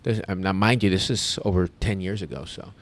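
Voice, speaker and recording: A man, a podcast host telling a long story in casual chat, animated and rambling with restarts. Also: low-pitched, a little fast. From United States.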